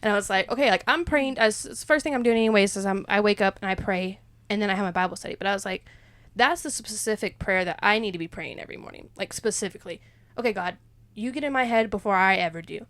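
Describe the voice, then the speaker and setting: A woman's voice: mid-range voice, fast, fairly bright tone, dry recording. A young woman, rambling and emotional as she opens up in a casual faith chat, laughing often. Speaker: podcast co-host.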